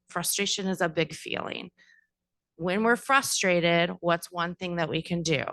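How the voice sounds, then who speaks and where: A woman's voice: on the low side, fairly even intonation, a little slow, a bit bright, clear, resonant tone, dry recording. A young adult woman from the school district explaining classroom strategies at a board meeting, informal with many fillers. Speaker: district staff presenter.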